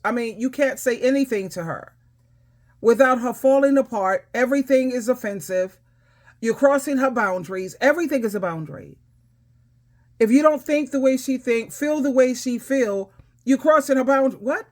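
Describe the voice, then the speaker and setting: Middle-aged woman, authoritative advice-coach commentator, emphatic and preachy, a bit high-pitched. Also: normal speed, darkish tone. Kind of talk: reaction commentary.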